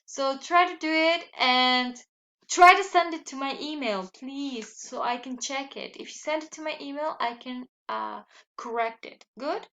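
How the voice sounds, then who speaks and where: A woman's voice: sits high, unhurried, bright, forceful tone, highs cut off. A woman teaching a recorded lesson for children, patient, repeating and asking her pupils questions.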